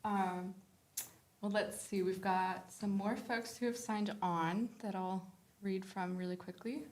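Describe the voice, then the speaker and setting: A woman's voice: medium pitch, fairly even intonation, takes it slowly, darkish tone. A woman co-hosting a live-stream painting class, chatty and reading out viewers' comments. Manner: chatty, laughs often.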